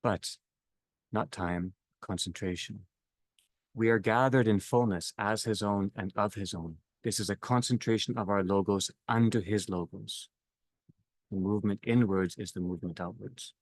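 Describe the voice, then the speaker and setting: A man leading a reflective theological discussion, speaking slowly in halting phrases that trail off softly at their ends. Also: fairly low pitch, steady tone, dry recording. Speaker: discussion leader.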